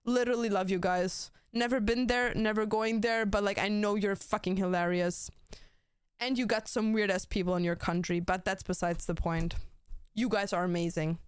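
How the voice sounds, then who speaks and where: A woman's voice: medium pitch, fairly even intonation, normal speed, smooth, dry recording, studio quality. A young woman streamer in casual stream chat, rambling and joking with crude language.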